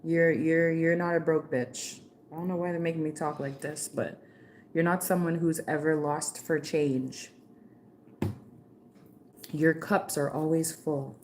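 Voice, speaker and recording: A woman's voice: low-pitched, fairly even intonation, measured pace, a little mellow, slight background noise. A woman giving a chatty, slangy live-stream tarot reading, talking straight to one viewer with lots of "like" and "okay". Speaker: tarot reader.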